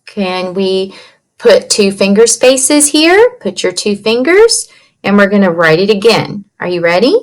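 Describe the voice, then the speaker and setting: Speaking into a computer mic, a woman leads young children through a writing lesson, sounding out letters and words slowly and patiently. Her mid-range voice has a sing-song quality.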